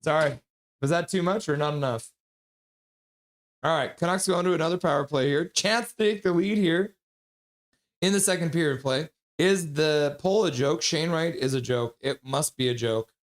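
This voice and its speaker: A man streaming live play-by-play commentary, joking with viewers between calls and getting loud and excited on big plays. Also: a little high, moderate pace. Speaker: streamer calling the game live.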